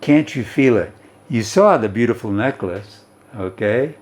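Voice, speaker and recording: A man's voice: medium pitch, lively intonation, unhurried, darkish tone. A male teacher reading and explaining a story, who keeps checking in with his students.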